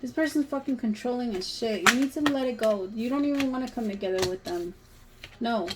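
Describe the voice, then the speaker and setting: A woman's voice: on the high side, fairly quick, very noisy. A woman giving a casual tarot reading to camera, talking bluntly and emphatically and swearing freely. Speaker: tarot reader.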